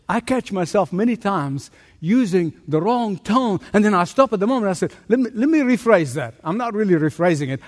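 A male pastor delivers a lively sermon in a high, very expressive voice, tossing out rhetorical questions and poking fun at himself. His words ring out with a long reverb from a large church hall. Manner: animated preaching, rhetorical questions, self-deprecating asides.

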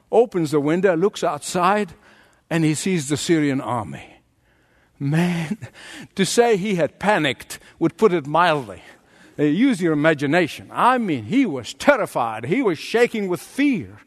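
A middle-aged man preaching a sermon, acting out the scenes he tells with big jumps in voice. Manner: animated preaching, acts out scenes with big pitch leaps. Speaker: pastor. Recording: long hall reverb.

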